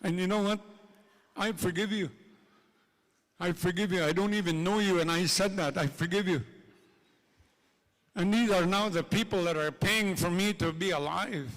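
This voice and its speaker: A man's voice: high-pitched, moderate pace, a bit bright. A man giving an impassioned speech at a gathering, repeating his points and addressing the audience directly. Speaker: speaker at a treaty gathering. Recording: long hall reverb.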